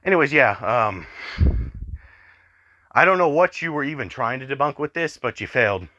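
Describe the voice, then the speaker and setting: A man's voice: medium pitch, animated, moderate pace, sharp tone. A young man ranting in exasperated online commentary, swearing often and filling his talk with "like". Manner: exasperated, swears a lot, many fillers. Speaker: commentary youtuber.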